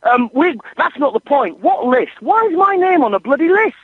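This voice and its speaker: High-voiced man on a tinny phone line. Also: normal speed, no room sound. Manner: indignant, excitable, swears. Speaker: prank call target. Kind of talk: phone conversation.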